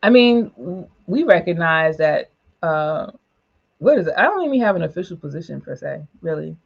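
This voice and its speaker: Gravelly low-voiced woman, emphatic. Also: animated, moderate pace, muffled recording. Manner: emphatic, with asides and short laughs. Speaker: panelist for a women's political organization. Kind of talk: political broadcast discussion.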